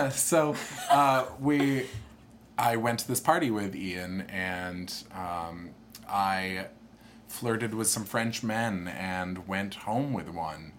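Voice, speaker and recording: Young man, low voice, casual storytelling, lively quoted voices, light background hiss. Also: very slow. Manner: animated storyteller, jumps to high voices when quoting people.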